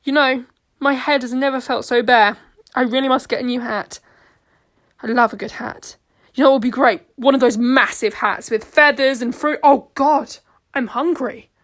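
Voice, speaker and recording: A woman's voice: high-pitched, normal speed, a bit bright. The Doctor, blunt and eccentric, read by a woman. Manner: blunt, matter-of-fact, rambling. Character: blunt, eccentric alien time traveller, memory lost. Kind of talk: amateur audio drama reading.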